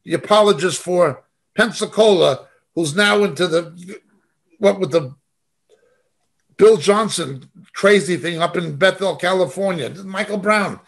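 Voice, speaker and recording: Over a video call, a middle-aged man leads a Bible study in a high-pitched, gravelly voice at a measured pace. He reads scripture verses aloud and then adds emphatic comments.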